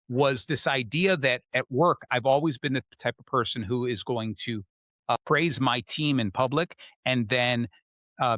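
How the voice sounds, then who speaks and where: A man's voice: mid-range voice, dry recording. Chatty middle-aged man hosting, dry sound. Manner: animated storyteller, acts out quotes. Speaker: podcast host. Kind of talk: casual conversation.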